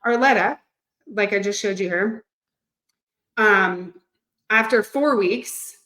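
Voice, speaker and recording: A woman in her thirties, a fitness coach, talking to her live audience in a gushing, excitable, chatty way. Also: mid-range voice, slow. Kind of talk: live-streamed coaching talk. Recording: echoey room.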